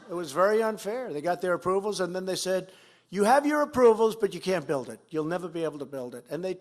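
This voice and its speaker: Older man, campaign speaker at a podium; emphatic, repetitive delivery, voice sits a bit high, loud bursts then drops low. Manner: repetitive, emphatic, swings between loud and quiet. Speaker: politician giving a campaign speech. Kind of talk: campaign rally speech. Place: fundraiser event.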